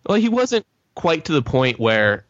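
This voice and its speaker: A man co-hosting a podcast, telling a story in a measured, conversational way. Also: fairly high pitch, very animated, a bit bright, no room sound. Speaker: podcast co-host. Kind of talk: casual storytelling chat. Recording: dull lo-fi sound, dry.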